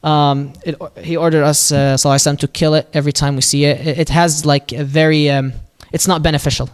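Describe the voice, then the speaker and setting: A man telling a prophet's story at a mosque in a lively, casual way, acting out the quoted lines and using Arabic phrases. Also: a little high, fast talker, clean tone. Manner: casual, with fillers and restarts. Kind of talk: religious storytelling talk.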